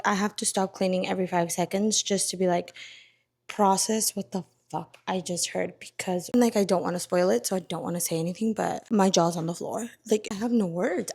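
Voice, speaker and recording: Set outdoors at a park and at home while she cleans, this casual reading vlog features a young woman who reacts dramatically and repeats herself. Her voice is medium-pitched, creaky and somewhat dark in tone.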